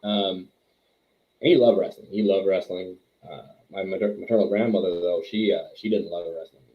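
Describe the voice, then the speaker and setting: A man's voice: low voice, steady tone, normal speed. A man in his thirties from Quebec, telling rambling, self-deprecating stories as an interview guest. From Quebec, Canada. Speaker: wrestler and trainer, guest. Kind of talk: casual interview storytelling. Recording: tinny phone-like line.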